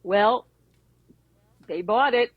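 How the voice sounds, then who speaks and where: Woman, husky, animated storyteller, podcast guest, dry room. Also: medium pitch, very slow, dry recording, phone-quality sound. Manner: animated anecdotes with wry jokes. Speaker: advertising executive guest. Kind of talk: conversational storytelling. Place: podcast interview.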